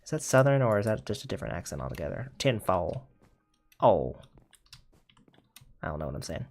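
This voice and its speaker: A man's voice: low voice, big pitch swings, fairly quick, gravelly, a little mellow, faint music behind. A young man streaming a video game, chatting in a laid-back, rambling way and laughing often. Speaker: gaming streamer. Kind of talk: casual chat while playing.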